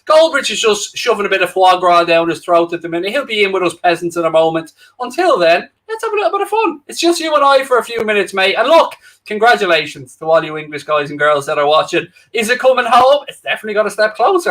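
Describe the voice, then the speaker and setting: A young Irish man co-hosting a live football watchalong, talking straight to his viewers in a loose, joking way. His voice sits high and sounds bright and forward. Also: sing-song, quick pace, few pauses. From Ireland. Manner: chatty, jokey, addresses viewers directly. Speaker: co-host of a football watchalong livestream. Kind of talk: casual livestream chat reading out viewer comments.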